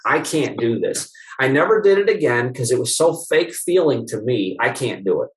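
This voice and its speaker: A man's voice: mid-range voice, moderate pace. A middle-aged chiropractor being interviewed, telling anecdotes casually, acting out the dialogue he quotes and joking with some mild swearing. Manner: lively anecdotal storyteller, acts out the dialogue he quotes; swears casually and laughs at his own stories. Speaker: chiropractor guest. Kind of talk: casual storytelling in a podcast interview.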